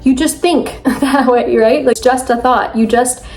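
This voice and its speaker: A woman's voice: sits high, fairly even intonation, a little mellow. Earnest young woman, motivational vlog. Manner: earnest, emphatic, fast with many fillers. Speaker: mindset vlogger. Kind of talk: casual motivational talk to camera.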